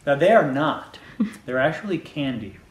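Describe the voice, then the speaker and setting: Man hosting a kids' video, lively pitch. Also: a little slow, a little hiss or hum. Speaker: teacher hosting a video series. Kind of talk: casual show hosting for children. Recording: roomy, from the mic.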